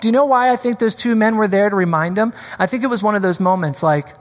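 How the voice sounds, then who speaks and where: Animated preacher in a reverberant church. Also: male voice, high-pitched, fast talker. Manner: animated, acts out scripture scenes in voices. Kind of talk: sermon. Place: church sanctuary. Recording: long hall reverb.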